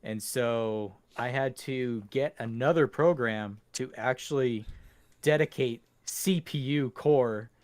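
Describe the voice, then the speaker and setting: A man's voice: mid-range voice, slow pace, darkish tone, dry recording. Rambling podcast guy, dry close mic. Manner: rambling, laughs often. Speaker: podcast co-host. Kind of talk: casual chat. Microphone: home computer setup.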